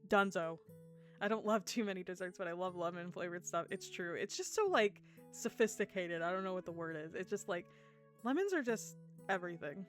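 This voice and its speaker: A woman streaming a game live, talking to her chat in an excitable, gushing way, laughing often and swearing casually. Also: on the low side, brisk, faint music behind.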